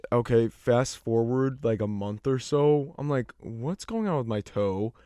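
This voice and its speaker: A young man co-hosting a podcast in a casual, rambling telling. His voice sits at an ordinary middle pitch. The sound is dry and close, with little room around it. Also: expressive, unhurried, mellow, no room sound. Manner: rambling, profane, filler-heavy storytelling. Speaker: podcast co-host. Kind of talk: casual storytelling chat.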